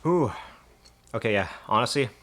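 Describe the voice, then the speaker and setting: A man's voice: medium pitch, expressive, normal speed, a bit bright. A man streaming live from a home kitchen, winded and tired. He rambles to his viewers and swears often. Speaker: livestreamer. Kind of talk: casual live-stream chat.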